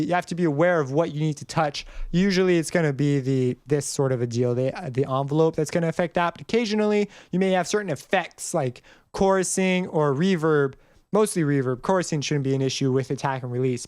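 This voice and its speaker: A man's voice: fairly high pitch, clear, resonant tone, no room sound. Man, young adult, casual music lesson, dry close sound, sings example notes. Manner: casual, rambling explanation with sung note demonstrations. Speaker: music composition teacher. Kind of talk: screen-recorded tutorial.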